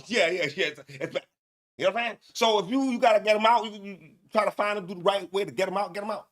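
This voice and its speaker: A man's voice: sits high, fast, fairly bright tone. A man from Canada hosting a morning talk show, reacting to clips in loose, profane, laughing commentary. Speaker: show host. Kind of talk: casual commentary.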